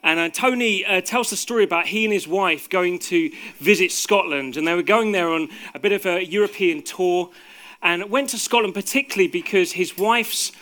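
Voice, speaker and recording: A man telling a story to an audience, with hesitant fillers, dropping soft for suspense. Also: sits high, normal speed. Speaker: speaker. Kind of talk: storytelling talk.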